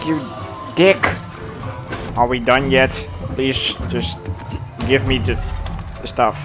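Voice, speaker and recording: A man giving casual, excitable gameplay commentary, swearing and laughing often. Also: medium pitch, slow pace, pauses often, over music. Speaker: let's play gamer.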